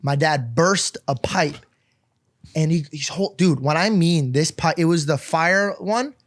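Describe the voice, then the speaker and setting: Man, podcast co-host, excitable and profane, high voice, studio mic. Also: a little slow. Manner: excitable, profane, laughing storyteller. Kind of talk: casual podcast chat.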